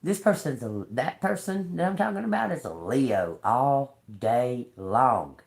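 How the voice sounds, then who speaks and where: A woman giving a live tarot reading, ranting in a profane, animated way and laughing often. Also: very deep voice, a little slow, gravelly. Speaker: tarot reader. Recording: roomy echo.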